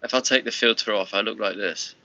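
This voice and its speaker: A man chatting to viewers on his live stream, tired, rambling and halting with many restarts. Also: lowish voice, gravelly, pushed and bright, dry recording. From United Kingdom. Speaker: livestream host. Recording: lo-fi muffled livestream audio.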